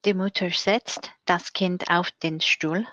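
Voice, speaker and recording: Female student, lowish voice, careful repeat-after-me reading, dry, dull audio. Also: fairly even intonation, takes it slowly, a bit bright, no echo. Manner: repeats sentences after the teacher, with brief answers. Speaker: student in the lesson.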